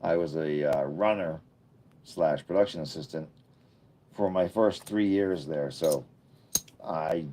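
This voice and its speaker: A man's voice: a bass voice, takes it slowly, long pauses, mellow, slight background noise. A man in his fifties chatting casually on a livestream, rambling through jokey asides as he reads and answers comments. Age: 50s. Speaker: livestream host.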